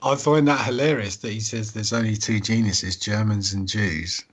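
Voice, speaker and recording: A man as a guest in a casual online chat, chuckling and chiming in with quick remarks. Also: on the low side, fairly even intonation.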